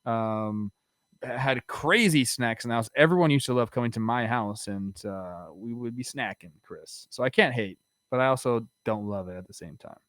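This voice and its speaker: A man in his thirties co-hosts a baseball talk show in a loose, rambling way, leaning on fillers as he goes. His pitch is middling and his sound is dry and close to the mic. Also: moderate pace, a bit bright, dry recording. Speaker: co-host, former player. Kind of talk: casual sports talk show.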